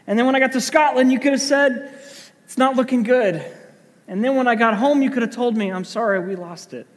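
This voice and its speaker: A man voicing an exasperated wife who scolds her husband in a high, emphatic voice. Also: brisk. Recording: long hall reverb.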